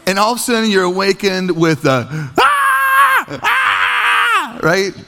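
Man, pastor, thirties, sermon, lively swooping pitch, humorous anecdotes. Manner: animated storytelling with self-deprecating humor.

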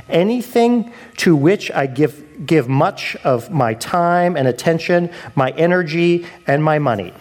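Lively, conversational male preacher. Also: fairly high pitch. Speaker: pastor. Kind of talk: sermon.

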